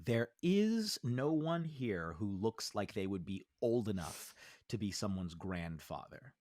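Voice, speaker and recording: Young male dungeon master, rambling narration, lively pitch, dry sound. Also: a little slow, dry recording. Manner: rambling, many "uh" fillers. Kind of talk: narrating a tabletop game.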